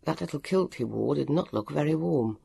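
A narrator reading a children's adventure story aloud with an expressive delivery. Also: mid-range voice, a little fast, vocal fry, slightly rough, no room sound.

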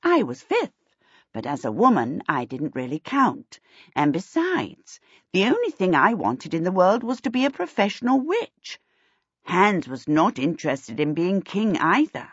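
A woman voicing a firm, composed witch and mother who speaks in a measured, formal way. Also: lowish voice, wildly swooping pitch, breathy edge, no echo, lo-fi sound, exaggerated voice.

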